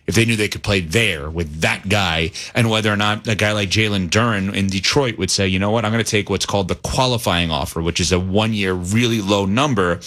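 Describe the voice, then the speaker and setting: Bright-voiced man debating sports. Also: lowish voice. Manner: animated, thinks aloud with restarts and hypotheticals. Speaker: sports talk show host.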